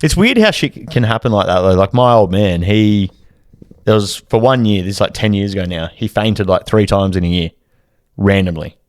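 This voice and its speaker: A man's voice: lowish voice, lively intonation, moderate pace, no echo. A man, co-hosting a podcast with frequent laughs and sweary banter. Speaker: podcast co-host. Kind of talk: casual chat.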